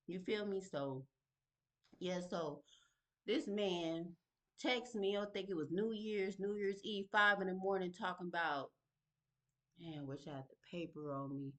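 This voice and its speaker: A woman's voice: lowish voice, measured pace. A woman telling her own story in a vlog, talking in an emphatic, conversational way and often asking "you feel me?". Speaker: vlogger sharing her story. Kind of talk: casual personal storytelling.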